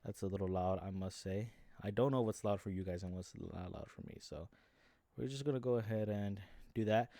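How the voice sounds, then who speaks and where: A man's voice: lowish voice, a little fast, vocal fry, mellow. A man talking casually about fight news in a rambling way, full of restarts and fillers. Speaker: MMA commentary YouTuber. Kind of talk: casual talk.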